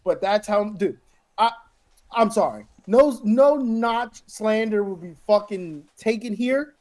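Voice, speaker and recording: High, lively-voiced man on a podcast. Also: takes it slowly, dry recording. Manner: animated, profane, acts out voices in quotes. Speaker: podcast co-host. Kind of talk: casual podcast chat.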